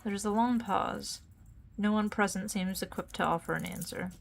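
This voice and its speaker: A woman's voice: medium pitch, moderate pace, vocal fry, a little hiss or hum. A young woman VTuber giving casual gameplay commentary, reading the story text aloud and laughing often. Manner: giggly, chatty, reads narration aloud. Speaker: VTuber streamer.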